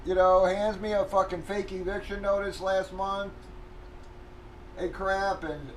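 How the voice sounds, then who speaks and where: Livestream host, man, high voice, profane ranter. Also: level tone, a little slow, a little hiss or hum, low-quality recording. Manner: profane, ranting, venting. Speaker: livestream host running a card break. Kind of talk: casual livestream chat.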